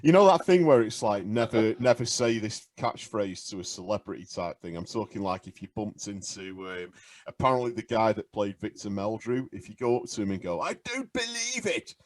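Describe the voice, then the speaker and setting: A man's voice: on the low side, fairly quick, darkish tone, dry recording. A man co-hosting a casual podcast, telling anecdotes with lots of "you know". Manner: storytelling, repeats "you know". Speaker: podcast co-host. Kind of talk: casual chat.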